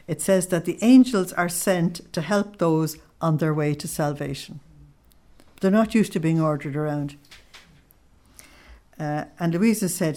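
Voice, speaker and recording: Animated woman, middle-aged, lowish pitch, informal talk to a group, reads quotes with feeling. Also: measured pace. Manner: lively, laughs often, reads quotes aloud with feeling. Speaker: speaker on Christian mysticism.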